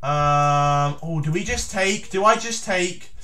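A man giving theatrical, excited commentary on his own chess game as he plays, breaking into shouts. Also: fairly high pitch, slow pace. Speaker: chess YouTuber.

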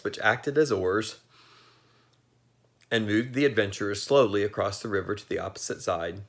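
A man reading a children's story aloud in a lowish voice. His reading is lively and expressive, with a lot of pitch movement. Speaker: narrator.

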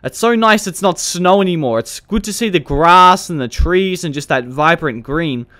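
Narrating a police roleplay game, this content creator jokes and laughs a lot while shouting orders at suspects. He speaks at a moderate pace in a bright, forceful voice on the higher side.

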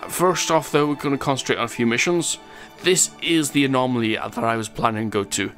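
A man's voice: medium pitch, fairly quick, fairly bright tone, soft background music. A man hosting a gaming channel, chatting through his gameplay and reading out viewer comments, rambling a little and chuckling at his own jokes.

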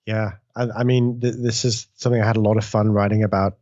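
A man talking as a guest author, animated and loose, often restarting his sentences and swearing casually. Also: on the low side, quick pace, no echo. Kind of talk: conversational interview. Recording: dull lo-fi dry audio.

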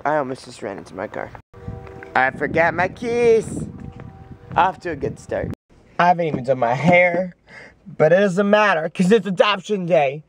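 A man vlogging casually, with a rambling, excitable and jokey way of talking, filmed on a handheld camera in a car and then at home. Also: sits high, background noise. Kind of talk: casual vlog chat. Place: in a car, then indoors at home by a fish tank.

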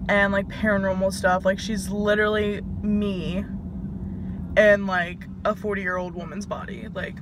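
A woman in her twenties with a Southern US accent vlogs casually to camera in a mid-range, fairly bright voice. She's chatty and fills every pause with "like." There's slight background noise.

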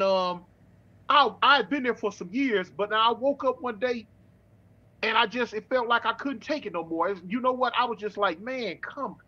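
A middle-aged man from California telling his story in casual street slang, with halting restarts, over a dull remote call. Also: sits high, bright, forceful tone. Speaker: guest.

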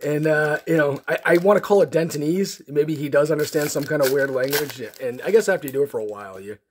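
A man's voice: a little high, fast, background noise. A man opening card packs on his channel, chatting casually in a rambling, sarcastic way with lots of fillers and restarts. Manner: sarcastic, self-mocking storyteller. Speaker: card pack opening vlogger.

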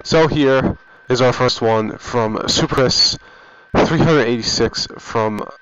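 A man's voice: medium pitch, takes it slowly, fairly bright tone, slight background noise. A man vlogging about gaming and reading out viewer comments, in a rambling, offhand way; he is getting sick and talks into a headset mic. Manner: rambling and offhand, with frequent restarts. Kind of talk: casual chat reading comments. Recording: dull lo-fi headset audio.

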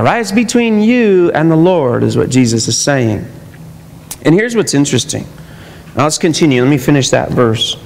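A man's voice: on the high side, lively intonation, normal speed, creaky, a little hiss or hum. A man preaching a sermon as pastor, talking casually to the congregation and mimicking hypocrites in mocking voices. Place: church sanctuary. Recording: long church hall reverb.

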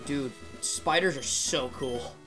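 A man's voice: mid-range voice, takes it slowly, sharp tone, soft background music. A man co-playing as guest in a casual gaming commentary, teasing and goofy. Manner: teasing, jokey, goofy bits. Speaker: co-player guest.

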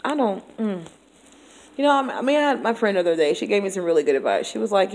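A woman's voice: medium pitch, fast, a little mellow. A woman teacher venting in a candid vlog, exasperated and blunt, laughing often and cursing.

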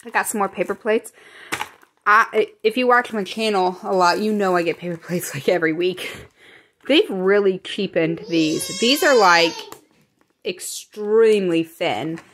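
A woman's voice: mid-range voice, unhurried, fairly bright tone. Chatty rambling young woman. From American Midwest. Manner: chatty, rambling, self-correcting; whispering. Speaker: vlogger. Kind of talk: casual grocery haul chat. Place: home.

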